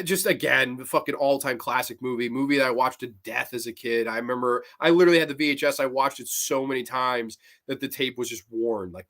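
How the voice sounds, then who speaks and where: A young man in his mid-twenties hosting a casual live stream and talking straight to his viewers. His voice sits at an ordinary middle pitch. He swears freely and rants bluntly, and his delivery stays loose and conversational. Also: fairly bright tone. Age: 20s. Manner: profane, blunt and ranting. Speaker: host.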